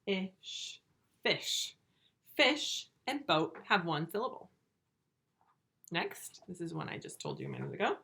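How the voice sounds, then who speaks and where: A woman teaching first graders in a recorded video lesson, speaking slowly and clearly, stretching words out and asking patient, encouraging questions. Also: lowish voice, sing-song, sharp tone, a little hiss or hum. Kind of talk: remote video lesson for young children.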